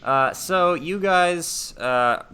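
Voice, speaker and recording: A man's voice: on the high side, very slow, sharp tone, a little hiss or hum. A man narrating a tabletop horror game as game master, casual, with laughing asides and many ums.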